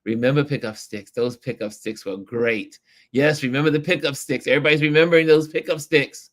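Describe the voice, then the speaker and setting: A middle-aged man hosting a livestream, reading viewer comments aloud in casual chat, animated and nostalgic and quick to laugh. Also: mid-range voice. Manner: laughs often, animated and nostalgic, stretches words.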